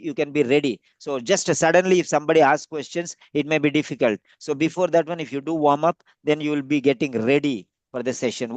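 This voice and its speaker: Male tutor, patient and explanatory, voice a touch high and dry. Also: no echo. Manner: patient, repetitive, explanatory with frequent fillers. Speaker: speaking-test tutor. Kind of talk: giving feedback in a practice session.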